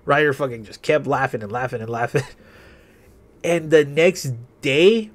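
A man's voice: mid-range voice, moderate pace. Rambling young man telling a story. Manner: rambling, profane, laughing between sentences. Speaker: gaming channel host. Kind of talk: casual storytelling over gameplay.

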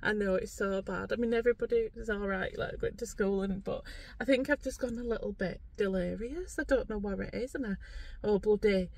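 A woman's voice: mid-range voice, a little fast, vocal fry, a little mellow, no room sound. A middle-aged woman, chatting casually to camera from the driver's seat of a parked car and rambling, giggly and a bit sweary. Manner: rambling, giggly and salty-tongued. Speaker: vlogger.

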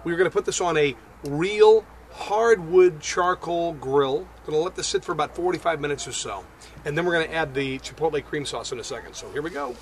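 A man hosting a casual cooking demo outdoors, upbeat and jokey, getting loud with excitement. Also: a little high, a little fast. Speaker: home cooking host. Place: outdoor backyard grill area. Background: faint burner roar and outdoor noise.

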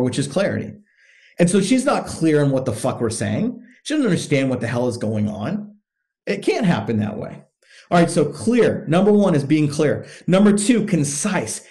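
A podcast host who coaches men delivers a blunt, profane, emphatic motivational monologue, hammering his main points through repetition. His voice sits on the high side and has a warm tone.

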